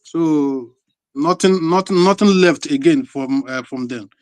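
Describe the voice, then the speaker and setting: A man with a Nigerian accent calling in to a live talk show, speaking haltingly with many hesitations. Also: fairly high pitch, darkish tone, dry recording. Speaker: caller.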